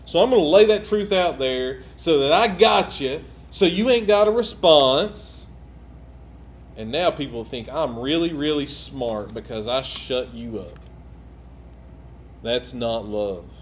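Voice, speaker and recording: A man preaching a sermon, dropping to low quiet asides and then rising to loud, emphatic repeated lines. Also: lively intonation, slow pace. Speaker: pastor. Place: church sanctuary.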